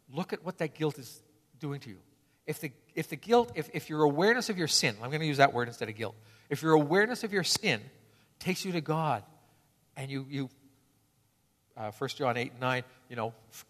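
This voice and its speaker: A man's voice: mid-range voice, big-room sound. A male pastor preaching a sermon in an earnest, conversational way, often restarting phrases.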